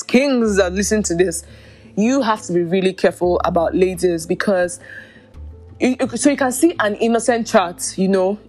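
This podcast host has a mid-range, slightly mellow voice. She talks directly to her listeners, offering exasperated, incredulous commentary on social media drama.

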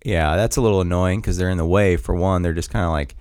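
A man's voice: fast, darkish tone, no echo, studio quality. A young father co-hosting a podcast in casual chat, jokey and prone to mimicking others. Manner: jokey, slips into high silly voices for his daughter. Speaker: podcast co-host.

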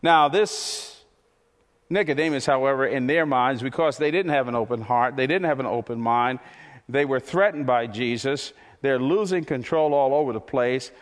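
A man preaching a sermon as pastor, impassioned and repetitive, his voice climbing toward near shouts. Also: mid-range voice, normal speed, big-room sound.

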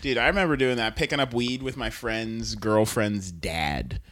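A man's voice: lowish voice, moderate pace, a bit bright, dry recording, clean studio sound. A young man in casual chat, telling stories with lots of laughter and acted-out quotes.

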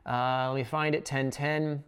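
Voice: medium pitch, level tone, a little slow, a bit bright, clean tone. A Bible study teacher explaining scripture in a casual, conversational way, thinking aloud while working through the passage.

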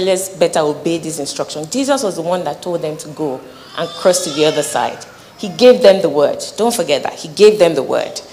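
A woman giving an earnest, conversational sermon, teaching scripture with lively acted asides. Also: medium pitch, in a large hall. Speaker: preacher.

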